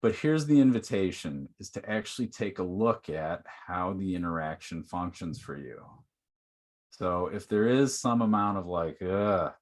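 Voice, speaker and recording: A man's voice: low voice, animated, moderate pace. A man presenting a workshop in an online teaching talk, speaking conversationally with many "like"s and "okay"s.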